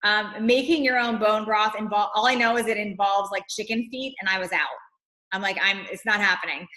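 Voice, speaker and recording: A woman's voice: mid-range voice, steady tone, fairly quick, bright, forceful tone, low-quality recording. A woman fitness coach chatting casually on a live stream, reading out viewer comments and answering them in a loose, talky way.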